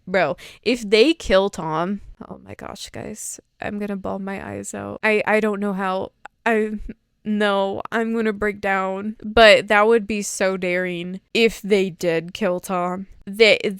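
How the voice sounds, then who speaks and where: Gushing woman with a smooth, dry voice. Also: medium pitch, no room sound. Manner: gushing and excitable, rambling with many "like"s and "literally"s. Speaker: fan video creator. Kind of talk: casual trailer reaction.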